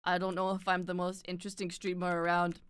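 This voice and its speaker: Bright, smooth North American woman streamer. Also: fairly low pitch, monotone, fast talker. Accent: standard North American. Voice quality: slight lisp. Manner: loose, filler-heavy, swears casually. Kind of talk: casual chat with live viewers.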